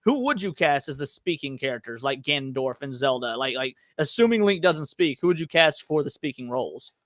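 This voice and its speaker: A man's voice: medium pitch, expressive, fairly quick, fairly bright tone, no room sound, studio quality. A man in casual chat who asks questions and stammers through restarts.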